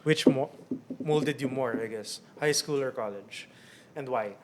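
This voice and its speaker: A Filipino man hosting a podcast, relaxed and unhurried, asking thoughtful questions and mixing Tagalog with English. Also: mid-range voice. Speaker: podcast host. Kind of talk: casual podcast interview.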